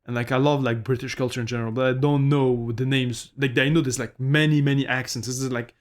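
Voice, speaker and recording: A man streaming a game, giving excitable commentary, swearing often and laughing. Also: medium pitch, fast, hardly any pauses. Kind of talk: let's-play commentary.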